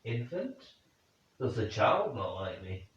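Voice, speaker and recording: At night in a room, a man investigates the paranormal, speculating aloud and calling out questions to spirits as he thinks through the vigil. His voice is lowish and slow with big pitch swings. The recording is very echoey, distant and dull lo-fi, with slight background noise.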